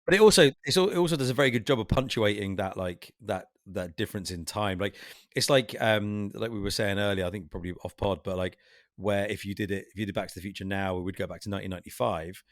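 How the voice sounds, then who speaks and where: A man's voice: on the low side, fast talker, no echo, clean studio sound. A man co-hosting a podcast, chatting casually and rambling, swearing and acting out quotes. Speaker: podcast co-host. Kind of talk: casual chat.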